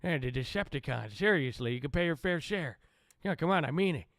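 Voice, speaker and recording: A crude, rambling old male president, put on by a man for laughs, repeating himself as he brags. The voice sits a little higher than usual and is recorded dry and close. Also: lively intonation, fairly quick, a bit bright, dry recording. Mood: blustering. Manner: rambling, repetitive, profane boasting. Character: blustering older male president, boastful and crude. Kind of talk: comic impression on a live stream.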